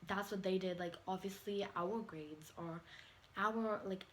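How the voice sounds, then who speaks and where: A woman's voice: medium pitch, measured pace, a little hiss or hum, poor audio. A teenage girl ranting to a phone camera in a vlog, sassy and exasperated, calling people "honey.". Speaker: vlogger. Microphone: phone or webcam.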